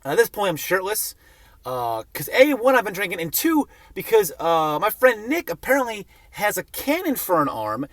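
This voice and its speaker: A man's voice: sits high, no echo. A young man telling a funny personal story in a rambling, profane, self-mocking way. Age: young adult.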